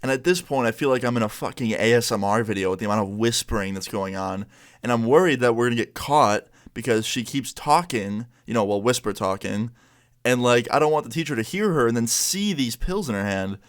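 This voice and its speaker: A man's voice: mid-range voice, fairly quick. A young man telling a school story in a casual, profane way with lots of filler words.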